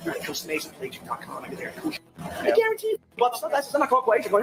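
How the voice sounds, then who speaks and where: A man's voice: extremely high pitch, wildly swooping pitch, very fast, background noise. A man talking nonstop in the back of a police car, profane and jumping from topic to topic. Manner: talkative, profane, jumps between topics, acts out quoted voices. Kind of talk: nonstop rambling chatter.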